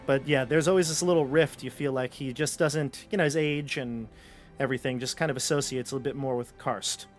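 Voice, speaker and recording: Male game master, conversational narration, mid-pitched voice, tabletop game. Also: steady tone, brisk, soft background music. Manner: conversational, with frequent fillers and restarts.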